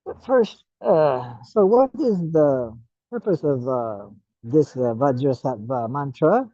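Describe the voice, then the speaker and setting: A man giving a slow, musing talk on his own Buddhist study, with many fillers and pauses. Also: mid-range voice, expressive, warm tone, no room sound. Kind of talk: casual self-study talk. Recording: muffled lo-fi recording.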